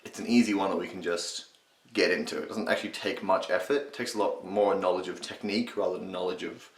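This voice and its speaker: A young man talks through a casual tutorial in a low, deep voice. He rambles, swears and restarts his sentences, and the room around him echoes. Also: fairly even intonation, fast. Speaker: channel host teaching impressions.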